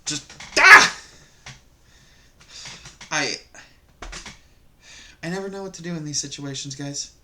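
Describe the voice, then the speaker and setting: A man hosting a reaction video, ranting casually and profanely about online stories in a rambling, animated way. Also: fairly high pitch, normal speed, long pauses, slight background noise.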